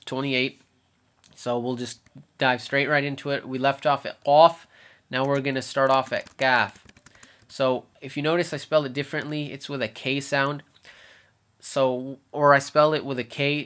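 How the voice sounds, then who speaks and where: Young man, casual teacher, drills sounds over and over, mid pitch. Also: a bit bright. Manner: repeats sounds slowly, demonstrates pronunciation. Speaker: Arabic letters teacher. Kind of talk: casual instructional lesson.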